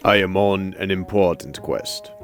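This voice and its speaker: A man voicing a proud, disembodied male barbarian warrior's head, speaking with a South African accent in a deep, slow, solemn way. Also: soft background music.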